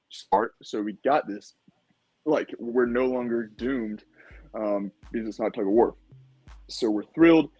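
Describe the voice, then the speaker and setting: Husky-voiced young man telling a story. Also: medium pitch, no room sound, low-quality recording. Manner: animated recounting with many fillers. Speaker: podcast guest, former game-show contestant. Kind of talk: casual storytelling.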